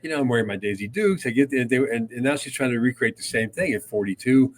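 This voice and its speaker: A man's voice: medium pitch, animated, fast. An older man co-hosting a casual radio podcast, rambling through anecdotes and swearing freely. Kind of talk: casual storytelling chat.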